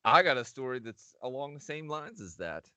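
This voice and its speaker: A man co-hosting a podcast, talking in a laid-back, casual way with lots of pauses and fillers and some swearing. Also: medium pitch, sing-song, bright, forceful tone, clear, resonant tone, dry recording. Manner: laid-back, hesitant with many fillers, profane. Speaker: podcast co-host. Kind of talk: casual storytelling chat.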